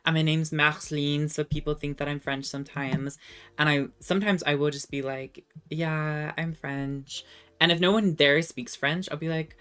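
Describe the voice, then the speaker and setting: A young adult woman streamer chatting casually with viewers, self-deprecating and halting when she tries French. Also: low-pitched, steady tone, a bit bright, clear, resonant tone. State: slightly under the weather.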